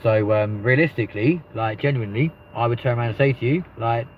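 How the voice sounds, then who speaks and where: A man's voice: mid-range voice, fairly quick. A man with a London accent hosting a live stream, chatting casually in rambling banter and swearing freely. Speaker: livestream host. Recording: muffled lo-fi with faint noise.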